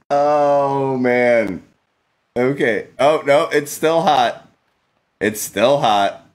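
Speaking slowly in a fairly high voice, a man provides live commentary while streaming a video game. He exclaims playfully, laughs a lot and thanks his chat.

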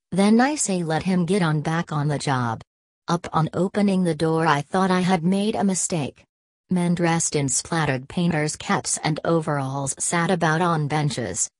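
A woman narrates an audiobook in a steady first-person read. Her voice sits low and deep. The recording is dry and close, with no room sound. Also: no room sound. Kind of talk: scripted narration.

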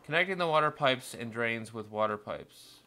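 A young man commentating his city-building game, muttering along and then bursting into panicked, cursing shouts. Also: mid-range voice, lively intonation, normal speed. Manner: swings from mumbling to panicked yelling, swears constantly. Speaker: gameplay streamer. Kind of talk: casual let's-play commentary.

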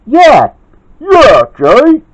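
A man voicing an excitable, mischievous boy who blurts out his lines eagerly. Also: extremely high pitch, slow, voice pushed up, full character voice, rough recording.

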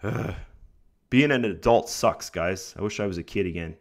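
A young man with a somewhat low voice, under the weather and a bit rough in the throat. He talks in a loose, chatty vlog style and slips into pep-talk encouragement, nudging his viewers with "guys" and "right?". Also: normal speed. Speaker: online income vlogger. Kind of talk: casual talk to camera over screen recording.

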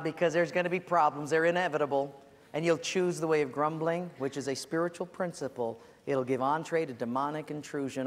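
A male pastor giving an earnest, conversational sermon in a large church hall. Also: fairly high pitch.

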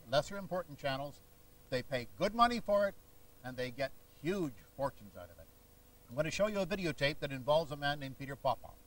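A man giving a lively public lecture as a stage conjurer, telling stories and doing impressions. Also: on the high side, recorded from a distance, low-quality recording. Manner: lively, theatrical storytelling with impressions. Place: lecture hall.

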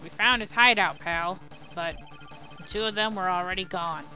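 A woman's voice: fairly low pitch, moderate pace, over music, pitched below the performer's own voice, close to an everyday voice. A woman voicing a bumbling, loyal male police detective who apologizes earnestly and keeps calling people pal. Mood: apologetic. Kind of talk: voicing game dialogue.

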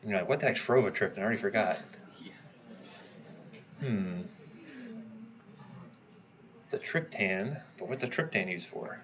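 A man's voice: on the low side, animated, normal speed, pauses often, fairly bright tone, highs cut off, a little hiss or hum. A man teaching a pharmacology review class, quizzing students and checking in with "right?" as he goes. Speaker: pharmacology instructor. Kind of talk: review lecture.

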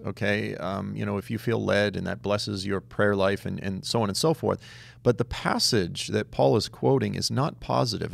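A man leads a Bible study in a relaxed, conversational way and leans hard on his points with lively emphasis. His voice sits low and carries a strong rasp of vocal fry. The sound is close and dry, with no room around it. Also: moderate pace, dry recording. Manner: animated, emphatic storytelling with casual asides. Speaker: Bible teacher.

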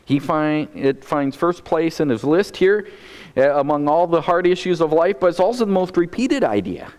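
A man's voice: a little high, moderate pace, in a large hall. A man preaching a sermon as pastor, earnest and often repeating a word as he starts a phrase.

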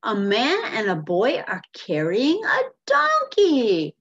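A woman's voice: on the low side, sing-song, takes it slowly, husky, heavily acted. A woman voicing a scornful, disapproving storekeeper in a storybook with emphatic declarations, on a muffled lo-fi recording.

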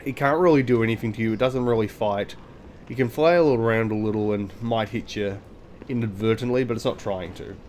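A man's voice: fairly low pitch, fairly quick, darkish tone, slight background noise. A man giving casual gameplay commentary, thinking aloud, explaining game mechanics and swearing freely. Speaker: gaming video host.

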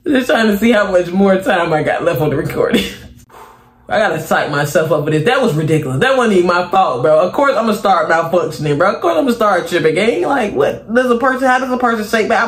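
Young male reaction host, high voice, exasperated casual riffing at a home mic. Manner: animated, exasperated, tosses in "bro" constantly.

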